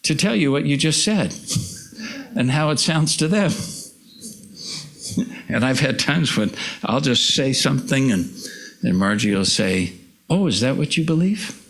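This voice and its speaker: A man's voice: medium pitch, animated, a little slow, vocal fry, pauses often, a bit bright. A man preaching a sermon as pastor, conversational and self-deprecating, asking the congregation questions. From United States. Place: church.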